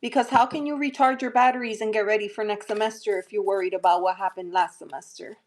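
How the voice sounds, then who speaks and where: A woman from New Jersey with a light accent, talking gently and reassuringly with many fillers while hosting a live tarot stream. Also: mid-range voice, steady tone, quick pace. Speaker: tarot reader hosting a livestream. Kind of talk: live-stream chat and readings.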